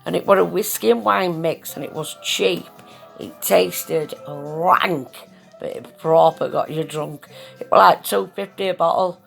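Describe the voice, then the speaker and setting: A vlogger with a fairly low, fry-tinged voice tells a story into her phone at a measured pace while soft music plays behind her. The casual monologue is blunt, full of slang and curse words.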